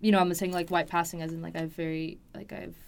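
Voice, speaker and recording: A woman's voice: on the low side, level tone, quick pace, creaky. A young woman born in France, talking in a casual interview, rambling with many fillers and restarts and laughing often.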